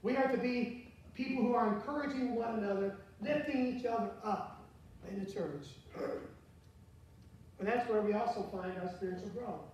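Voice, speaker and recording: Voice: medium pitch, moderate pace, a little mellow. A pastor giving a conversational sermon, asking the congregation questions as he goes. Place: church sanctuary. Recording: very echoey church from far off, faint hiss.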